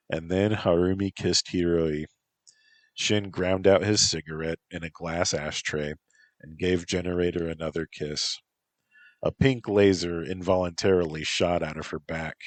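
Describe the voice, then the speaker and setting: Slow, deep-voiced male storyteller. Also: fairly even intonation, dry recording. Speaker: narrator. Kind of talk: reading a story aloud.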